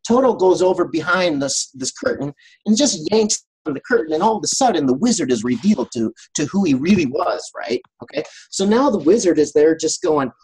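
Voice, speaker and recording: Husky, animated male team trainer. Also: on the high side, rough recording. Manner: animated storyteller, checks in with listeners. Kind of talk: motivational training talk.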